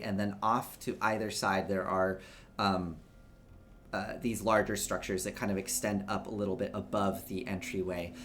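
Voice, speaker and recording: A man's voice: lowish voice, fairly bright tone. Guy gm narrating the scene, casual and rambly, um-heavy, faint hiss under it. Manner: loose and chatty, many fillers and hedges. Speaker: game master. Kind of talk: narrating a tabletop game.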